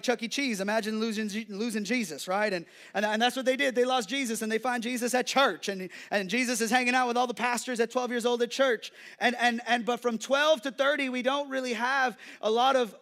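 A young adult male pastor preaching an energetic sermon, joking and calling out to the congregation. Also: extremely high pitch. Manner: energetic, playful preaching with audience call-outs.

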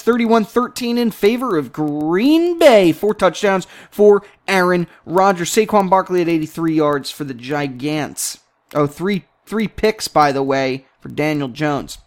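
A man's voice: fairly high pitch, expressive, a little slow. A man hosting a casual sports podcast, recapping games with jokey, self-mocking banter. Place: home setup, face on camera.

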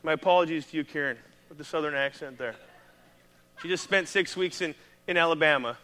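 This man preaches with a Midwestern American accent, keeping his sermon animated and conversational. He speaks briskly in a slightly high voice.

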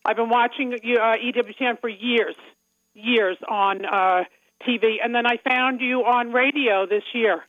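A talkative woman with a heavy Long Island accent, laughing easily as she tells her story. Her voice sits a little high and comes through a dull, muffled phone line. The sound is close and dry. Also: steady tone, unhurried, no room sound. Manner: chatty, laughs often. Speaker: caller. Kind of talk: casual phone call. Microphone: telephone.

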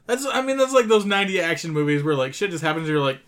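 A man's voice: a little high, big pitch swings, racing, a bit bright. A man in casual chat, blunt, opinionated and profane.

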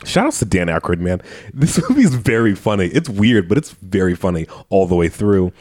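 A man's voice: deep voice, very animated, a little fast, darkish tone. A man co-hosting a casual movie podcast, retelling scenes with frequent laughter and swearing. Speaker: podcast co-host. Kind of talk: casual movie-review chat.

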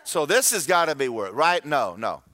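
A man preaching a sermon, telling a story with acted-out dialogue and building to loud exhortation. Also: fairly high pitch, sing-song, normal speed, no room sound.

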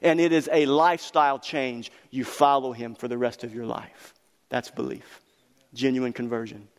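A man preaching a sermon as pastor, emphatic and building to loud passionate peaks. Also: mid-range voice, little pitch movement, moderate pace. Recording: long reverb of a hall.

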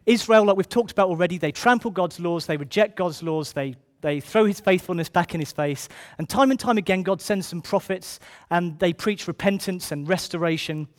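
A man preaching a sermon, reading scripture slowly and then hurrying through his asides, often repeating key phrases. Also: high voice.

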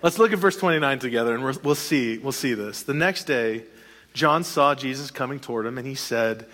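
A man's voice: mid-range voice, fairly quick. Man preaching in an echoing hall. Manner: animated preaching with a joking aside. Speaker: pastor. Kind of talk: sermon.

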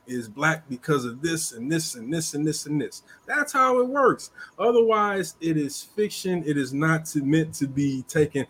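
A man co-hosting a casual chat, talking in an animated, emphatic way and jumping up in pitch to stress his points. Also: slight background noise.

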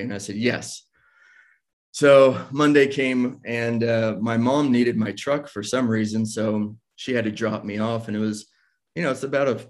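Casual man telling a personal story. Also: medium pitch. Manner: casual, self-deprecating, laughs while telling.

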